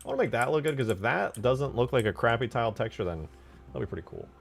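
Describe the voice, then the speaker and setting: A man's voice: medium pitch, fast talker, creaky. An American man streaming casually as he works on a game mod, muttering to himself and joking with his chat. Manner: joking, mutters to himself, sudden excited yelps. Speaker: modding streamer. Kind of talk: casual live-stream commentary while working.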